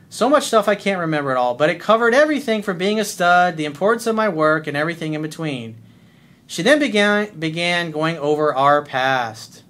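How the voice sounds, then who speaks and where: A man's voice: animated, normal speed, a bit bright. Playful, teasing male dating coach. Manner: playful, teasing, switches to a low crooning voice. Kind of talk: coaching monologue reading a listener email.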